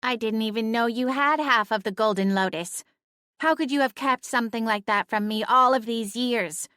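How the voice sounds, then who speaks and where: A sharp-tongued female cat familiar barks out blunt, scolding orders, as a woman narrator puts her on. The storybook voice sits in a dry, close recording with no room around it. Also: fairly high pitch, normal speed, clean tone, no echo, pitched above the performer's own voice. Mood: hurt anger.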